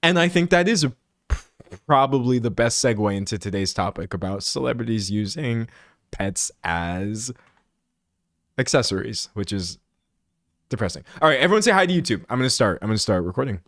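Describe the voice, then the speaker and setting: A man's voice: medium pitch, moderate pace, no room sound, clean studio sound. A young man hosting a live stream, chatting and ranting in a loose, rambling way with frequent laughs. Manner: animated, laughs often, rambling asides. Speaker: streamer host. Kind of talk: casual live-stream commentary. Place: room indoors, siren outside at times.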